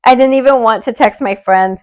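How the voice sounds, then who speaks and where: A young woman hosting a podcast, reading listener stories aloud and chatting in an expressive, openly emotional way. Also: a little high, brisk. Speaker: podcast host.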